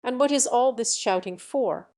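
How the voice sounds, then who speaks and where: A woman's voice: fairly high pitch, moderate pace, darkish tone, voice pushed up, close to an everyday voice. A vain, wealthy banker from a fairy tale who thinks himself as grand as any general, voiced by a woman reading aloud. He speaks pompously and flares into anger. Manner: pompous, angry. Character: vain wealthy male banker, quick-tempered.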